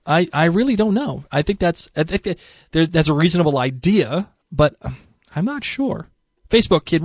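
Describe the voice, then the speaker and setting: A man with a Boston accent co-hosts a casual podcast and reads out listener mail. His voice sits a little high, and he rambles and restarts his sentences in an animated way. The recording is dry and close-miked. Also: no echo. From Massachusetts. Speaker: podcast co-host.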